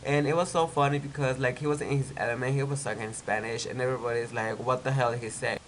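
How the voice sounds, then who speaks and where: A man's voice: mid-range voice, fairly even intonation, fast talker, low-quality recording. A young man with a stuffy, cold-clogged nose talks through a reality show episode in a loose, chatty way. He fills his talk with "like" and gives his opinions freely, in a mid-range voice with faint noise behind him. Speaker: TV recap vlogger. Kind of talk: casual reality-show recap.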